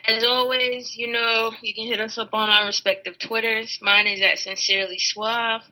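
A woman co-hosting a podcast in casual chat, relaxed and matter-of-fact, with dry asides. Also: fairly high pitch, normal speed, poor audio. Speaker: podcast co-host.

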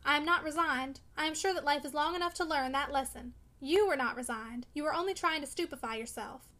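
A man's voice: extremely high pitch, fairly quick, sharp tone, poor audio. A woman voicing a brooding, sensitive young man who argues vehemently in a storybook reading. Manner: vehement, pleading.

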